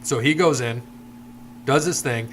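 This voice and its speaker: A man of middle pitch co-hosting a casual chat podcast. He talks in long rambling runs and slips into quoted voices as he retells stories. A faint hum sits under the recording. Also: measured pace. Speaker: podcast co-host.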